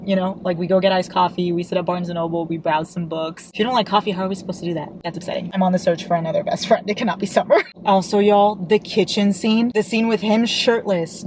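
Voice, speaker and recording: A young woman gushes about her current read in a casual vlog, excitable and quick to laugh, dropping the odd swear word. She talks from inside a parked car, and a faint noise hangs underneath her. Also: mid-range voice, rough recording. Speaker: book vlogger. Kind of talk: casual read-along book chat.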